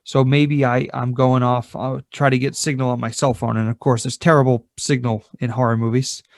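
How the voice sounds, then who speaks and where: A man's voice: medium pitch, level tone, normal speed, no room sound. A man co-hosting a podcast, describing his moves in a tabletop role-play in an easygoing, tentative way. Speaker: podcast co-host and player.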